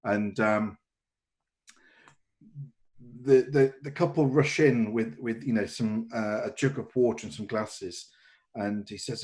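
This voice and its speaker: A man's voice: lowish voice, steady tone, slow, long pauses, a little mellow. A man running a tabletop horror game as game master, narrating in a hesitant way with many restarts. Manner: hesitant, lots of "kind of" and restarts.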